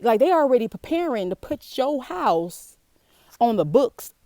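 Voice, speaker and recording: Animated Chicago woman, fairly high voice. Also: measured pace, no echo. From South Side of Chicago. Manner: animated, slangy, exclaiming in disbelief. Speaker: personal finance vlogger. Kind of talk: casual reading and commentary. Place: outdoors in the heat.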